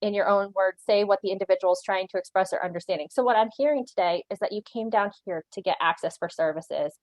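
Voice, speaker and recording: A woman's voice: medium pitch, fast talker, dry recording, poor audio. Earnest woman teaching over a webinar. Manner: earnest and instructive, with occasional laughs and frequent "right?" check-ins. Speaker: animal control officer giving a training. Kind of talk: online training presentation.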